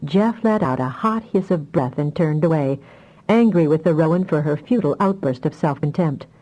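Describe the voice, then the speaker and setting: A woman reading a fantasy audiobook aloud in a measured, even storytelling manner. Her voice sits low, with a dark, mellow timbre. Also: low-quality recording. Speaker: audiobook narrator. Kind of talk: scripted audiobook narration.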